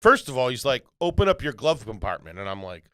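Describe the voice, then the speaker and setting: A man co-hosting a podcast, telling a profane, animated story full of quoted voices in casual chat. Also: mid-range voice, quick pace, dry recording. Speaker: podcast co-host.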